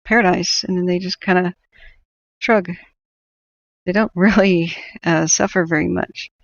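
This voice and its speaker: A woman's voice: lowish voice, fairly even intonation, measured pace, vocal fry, dry recording, dull audio. A woman hosting a wildfire-tracking livestream, giving sardonic, rambling commentary and laughing often. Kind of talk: live stream commentary.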